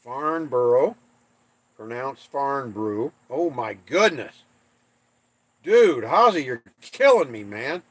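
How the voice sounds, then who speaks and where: Casual livestream host, a man from the States, unhurried and playful, dry close sound. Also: mid-range voice, sing-song, slightly rough, dry recording. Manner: slow, drawn-out, playful trash talk. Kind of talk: casual livestream chat reading comments.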